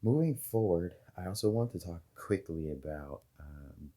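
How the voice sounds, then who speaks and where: A man's voice: low-pitched, lively intonation, moderate pace, warm tone. A man talking casually to his viewers, rambling through ideas with many fillers and restarts. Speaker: video host. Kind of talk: casual monologue to camera.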